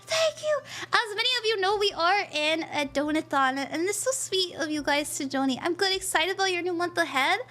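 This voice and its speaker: A woman's voice: extremely high pitch, brisk, few pauses, sharp tone. A woman hosting a live stream, chatting in a bubbly way and thanking viewers by name as a tarot reader. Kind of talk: casual live-stream chat.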